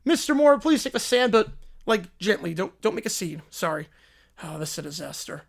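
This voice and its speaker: A man plays a flustered courtroom lawyer in a comedy sketch who cannot stop saying sorry. He stammers and restarts, nervous even when he tries to sound bold. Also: high-pitched, fairly quick, creaky, full character voice. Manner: nervous, stammering, apologizes constantly. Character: bumbling, endlessly apologetic male defense lawyer.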